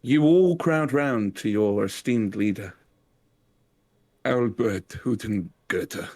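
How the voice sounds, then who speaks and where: A man's voice: on the low side, takes it slowly, a little mellow. A man running a tabletop game as game master, narrating dramatically and chatting with players.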